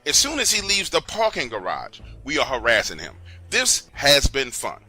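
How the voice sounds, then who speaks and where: A man's voice: medium pitch, huge pitch swings, moderate pace, pushed and bright, soft background music, heavily acted. A man voicing a cocky, street-smart male friend who talks in a laid-back, slangy drawl. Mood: smug.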